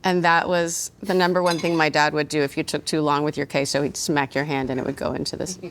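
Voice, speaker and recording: A woman's voice: deep voice, level tone, fast, a little hiss or hum. A woman in her forties, a voice actor, chatting playfully over a meal and laughing often. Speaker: guest, voice actor. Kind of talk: casual chat over a meal.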